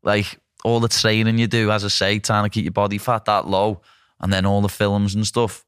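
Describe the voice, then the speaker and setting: Deep-voiced Scouse man interviewing. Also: flat delivery, moderate pace, a bit bright, smooth, no room sound, clean studio sound. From Liverpool, England. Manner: chatty, casual slang. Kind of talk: casual interview chat.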